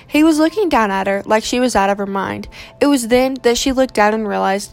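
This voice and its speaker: A woman reading a romance novel aloud in steady, measured narration. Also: fairly high pitch, gravelly, faint music behind.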